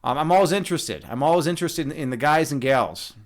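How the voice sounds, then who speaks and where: High-voiced rambling joking man. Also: expressive, fast talker. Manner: rambling, joking, absurdist, lots of fillers and restarts. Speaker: livestream host and meditation instructor. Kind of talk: casual livestream chat with viewers.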